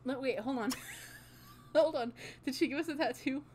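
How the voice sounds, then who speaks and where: A young woman talks through a life-sim game in an excitable, chatty way. She swears freely and keeps bursting into exclamations, her voice a little high. A faint hiss sits under the recording. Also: normal speed. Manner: excitable, swears, gasps and laughs often. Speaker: gaming channel host. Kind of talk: casual gameplay commentary.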